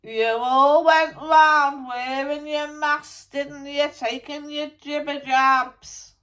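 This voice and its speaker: A woman's voice: high voice, steady tone, slow pace, sharp tone, voice pushed up, heavily acted. A woman channelling the spirit of a blunt, angry male rock musician, scolding and swearing at listeners. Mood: ranting.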